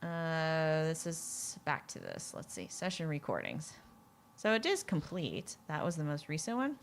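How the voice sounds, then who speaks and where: A woman's voice: low-pitched, big pitch swings, unhurried. A woman co-hosting a live coding stream in casual technical chat, thinking aloud and laughing often. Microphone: desk mic at a computer. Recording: faint noise, glitchy internet audio.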